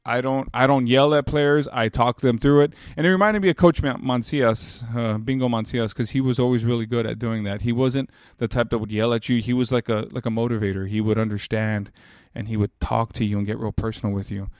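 Fairly quick and with few pauses, a medium-pitched man in his thirties uses fairly even intonation to tell an emotional personal story, captured in clean studio sound with no echo. He is earnest and reflective but rambles and restarts a lot, rising in volume and emphasis when making a point.

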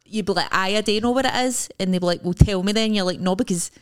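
A woman's voice: mid-range voice, fast talker, clear, resonant tone. A young Scottish woman co-hosting a casual podcast, rambling and acting out little bits of dialogue. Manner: rambling, acts out quoted dialogue. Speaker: podcast co-host. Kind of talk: casual chat.

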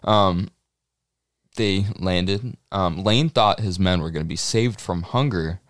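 A young man with a low voice tells a history story on a podcast, joking, swearing casually and laughing often. The sound is dry and close to the mic. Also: slow, no room sound. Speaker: podcast co-host.

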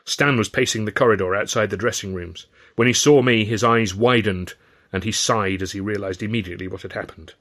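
A man reading his own novel aloud in a measured, wry first-person narration. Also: lowish voice, a bit bright. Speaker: author and reader.

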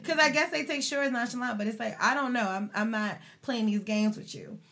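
Bright animated woman telling a story. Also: on the high side, fairly quick. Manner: animated, expressive storytelling with lots of slang. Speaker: podcast host. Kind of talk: casual storytelling chat.

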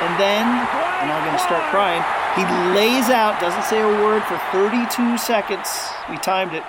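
A man from the United States chatting on a podcast, telling stories with excitement and loudly acting out quotes he remembers. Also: sits high, moderate pace, over a noisy crowd, very noisy. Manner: excited storyteller, acts out quoted commentary loudly. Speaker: guest contributor. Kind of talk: casual podcast chat.

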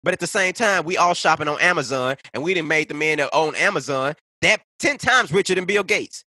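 A man's voice: on the high side, lively intonation, fairly quick, sharp tone, no room sound. A man ranting in casual conversation, heated and profane, piling up point after point. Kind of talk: casual podcast rant.

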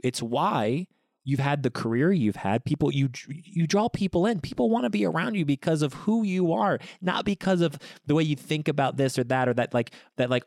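A man's voice: medium pitch, darkish tone, no room sound, studio quality. A young man co-hosting a podcast with his partner, talking in an effusive, casual way, cursing and saying "dude.". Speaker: podcast co-host, expectant father. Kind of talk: casual couple chat.

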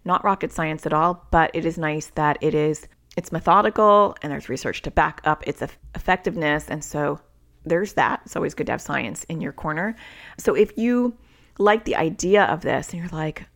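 A woman's voice: low-pitched, moderate pace, fairly bright tone. A middle-aged woman hosting a parenting podcast, explaining step by step in a conversational way with casual fillers. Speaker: parenting podcast host and coach. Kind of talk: solo podcast advice talk.

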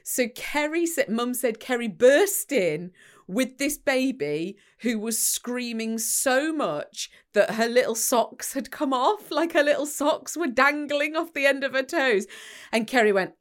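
A woman's voice: a little high, animated, normal speed. Woman, podcast co-host, chatty, rambling, fillers, acts out voices in stories. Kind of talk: casual chat, storytelling.

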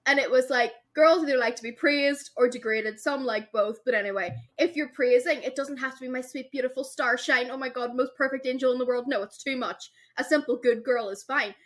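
Young woman, higher-pitched, podcast co-host; animated storyteller who acts out quotes. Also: brisk, hardly any pauses. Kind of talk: casual chat.

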